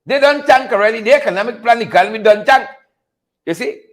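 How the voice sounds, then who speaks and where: A Guyanese man hosts a loose political talk show, his voice pitched very high for a man. He talks in repetitive, chuckling riffs and keeps calling out his viewers by name. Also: fast. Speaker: host of a political commentary show. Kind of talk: casual live commentary reading viewer names.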